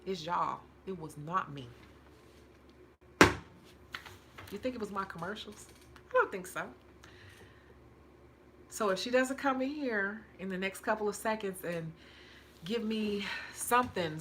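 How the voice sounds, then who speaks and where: A woman's voice: mid-range voice, fairly bright tone, slight background noise. A woman from hosting a casual livestream as a nail technician, chatty and emphatic, repeating her points and laughing often.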